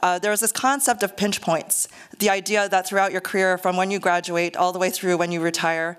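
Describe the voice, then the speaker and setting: A middle-aged woman gives a lecture to a live audience in an earnest, conversational way, with a dry joke here and there. Her voice sits on the low side and comes across smooth and clear. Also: fairly even intonation, fairly quick. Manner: earnest, conversational, self-deprecating humor. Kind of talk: public lecture.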